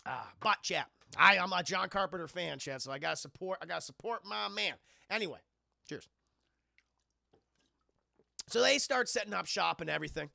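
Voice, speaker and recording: A man streaming a casual, profane film recap, rambling and acting out scenes in quick voices. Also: high-pitched, creaky, pushed and bright, no room sound.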